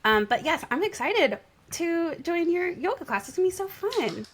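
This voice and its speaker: A woman co-hosting a podcast in casual chat, bubbly and quick to gush over her guest's stories. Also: extremely high pitch, big pitch swings. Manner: bubbly, gushing reactions. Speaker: podcast co-host.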